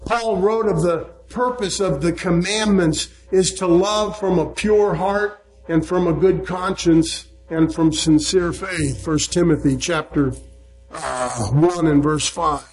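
A man preaching a sermon, speaking slowly and emphatically and citing scripture chapter and verse. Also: fairly high pitch, rough recording. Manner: slow, emphatic preaching, quoting scripture references.

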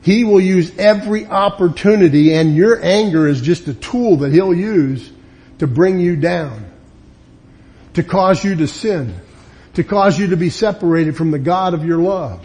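Man, sermon, high-pitched voice, emphatic delivery, acts out quoted speakers. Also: measured pace. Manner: emphatic, acts out quoted people with lively swings. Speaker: preacher. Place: church or meeting room.

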